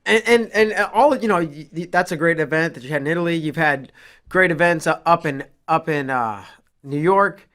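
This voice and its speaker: A man's voice: fairly high pitch, normal speed, a bit bright. A man hosting a wrestling interview show, asking rambling, hesitant questions. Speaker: podcast host.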